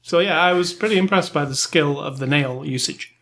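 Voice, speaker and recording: A man's voice: fairly high pitch, fairly quick, a bit bright. A man co-hosting a casual film review podcast, easygoing and hesitant, steering the talk with questions.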